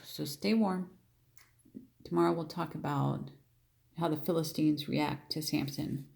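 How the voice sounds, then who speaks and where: A woman's voice: low voice, creaky, darkish tone. A woman teaching a Bible story, reading verses and chatting through them with restarts, repeating phrases and acting out the figures' lines with emphatic lifts. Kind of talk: casual Bible reading and explanation.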